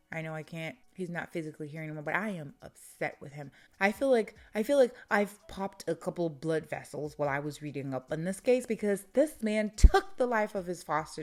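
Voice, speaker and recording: A young woman hosts a true crime channel. She talks casually and keeps cutting in with exasperated, indignant asides. Her voice sits at an ordinary middle pitch for a woman. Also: darkish tone. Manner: indignant, exclaiming commentary.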